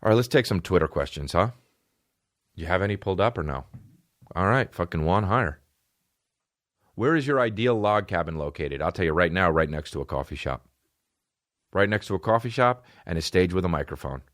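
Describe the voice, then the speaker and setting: Lively, profane man on a podcast. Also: low-pitched, a little fast, pauses often, no echo, studio quality. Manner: animated, profane, mimics people in mocking voices. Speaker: podcast host. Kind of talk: casual comedic rant.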